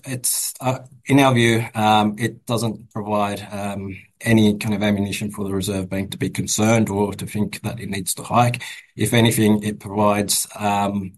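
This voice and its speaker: A man's voice: on the low side, poor audio. A man with an Australian accent, a bank economist answering interview questions with many fillers and restarts. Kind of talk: casual interview commentary.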